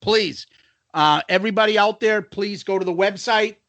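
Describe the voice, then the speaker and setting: A man's voice: high-pitched, moderate pace, fairly bright tone, no echo. A man co-hosting a podcast over a remote call, loose and profane. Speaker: podcast co-host. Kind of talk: casual podcast chat.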